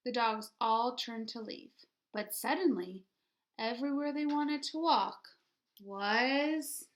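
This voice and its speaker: A woman teacher reads a children's picture book aloud with plenty of expression, her voice sitting a little high. She pauses to ask her young listeners what will happen next.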